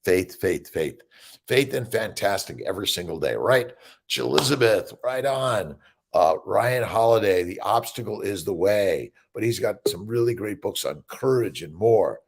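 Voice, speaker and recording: An older man chats through a morning livestream in a low, gravelly voice with a husky edge. He rambles cheerfully, tosses in fillers, and keeps checking in with "right?". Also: lively intonation, moderate pace. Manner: rambling, upbeat, reads viewer names with many "uh"s and "right?". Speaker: livestream host. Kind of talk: casual morning livestream chat.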